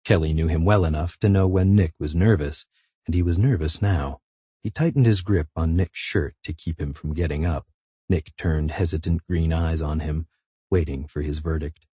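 A man narrating a novel in a measured, intimate reading. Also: extremely low pitch, mellow, slightly rough, dry recording. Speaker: audiobook narrator. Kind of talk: scripted narration.

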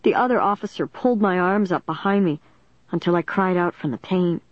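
A reader narrating a suspense novel in the first person, with steady dramatic storytelling. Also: mid-range voice, fairly quick, dry recording. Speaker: audiobook narrator. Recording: dry, dull lo-fi recording.

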